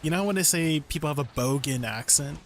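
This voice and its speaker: A man's voice: on the high side, fairly quick, a little hiss or hum. A young man streaming a game in casual chat, laughing often between sentences. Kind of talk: casual chat while gaming.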